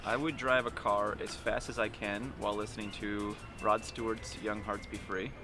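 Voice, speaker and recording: A man's voice: on the low side, little pitch movement, over music. A man co-hosting a casual chat, joking and bickering playfully. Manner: quick-talking, joking. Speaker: co-host.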